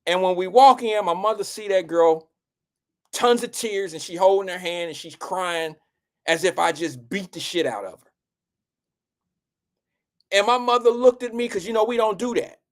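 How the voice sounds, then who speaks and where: A man's voice: sits high, normal speed, long pauses. A young man, telling a personal story to his audience as a show host and acting out the quotes. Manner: animated, acts out quotes with raised voice.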